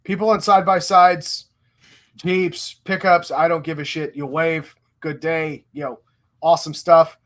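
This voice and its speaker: A man's voice: fairly high pitch, flat delivery, measured pace, fairly bright tone. Blunt, swearing male podcast co-host. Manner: blunt, profane, opinionated. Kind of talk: casual chat.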